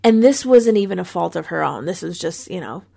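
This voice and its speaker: Gravelly-voiced woman sharing a devotional. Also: fairly low pitch, lively intonation, a little fast, warm tone. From Pennsylvania, USA. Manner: earnest, conversational, repeats small words as she talks. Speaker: Christian podcast host. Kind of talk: devotional Bible reflection.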